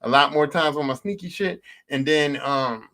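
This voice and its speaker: A man tells stories in a fairly high, bright, edgy voice. He talks loosely and profanely, circling back over his lines for emphasis and swinging between hushed and loud. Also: normal speed. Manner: animated, profane and repetitive. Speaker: podcast host. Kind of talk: casual storytelling monologue.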